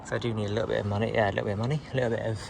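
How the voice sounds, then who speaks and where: A man's voice: lowish voice, little pitch movement, very fast, creaky, noisy background. A man chatting casually to his camera as he walks, muttering asides to himself. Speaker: vlogger. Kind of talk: casual walking vlog narration. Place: outdoors on a hill walk, with traffic nearby.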